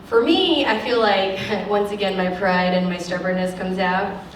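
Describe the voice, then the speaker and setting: An actress speaking frankly at a lecture, acting out the people she quotes in an animated way. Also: medium pitch, normal speed, slight background noise. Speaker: actress giving a guest lecture. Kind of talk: candid talk at a lecture Q&A. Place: lecture hall. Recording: echoey hall, distant mic.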